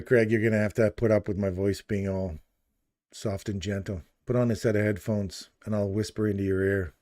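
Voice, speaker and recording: A man's voice: lowish voice, darkish tone. A middle-aged man hosting a live stream, chatting casually in a jokey, rambling, self-deprecating way. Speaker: livestream host.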